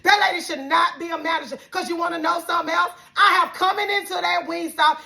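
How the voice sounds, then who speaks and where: Bright, high-voiced woman ranting. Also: fairly even intonation, quick pace, gravelly, hardly any pauses. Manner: heated, profane, acts out both sides of the argument. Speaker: vlogger. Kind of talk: angry storytime rant.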